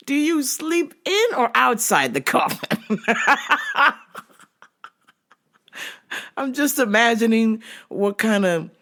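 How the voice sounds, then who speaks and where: Woman host ranting funny stories, swears a lot, cracks up laughing, slow drawl, bright voice. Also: on the high side. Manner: animated, profane, laughing often. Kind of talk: comedic storytelling monologue.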